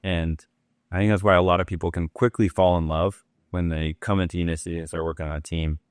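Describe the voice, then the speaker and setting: A man hosting an interview, talking in a relaxed, reflective way and asking open questions. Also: deep voice, fast, clean tone, dry recording, studio quality. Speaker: host. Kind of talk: casual interview talk.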